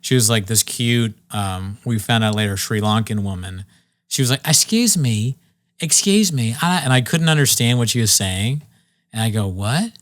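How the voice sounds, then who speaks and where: Young guy from virginia rambling thru a funny story, acts out what people said, regular pitch. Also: expressive, moderate pace. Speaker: podcast co-host. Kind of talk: casual comedy podcast chat.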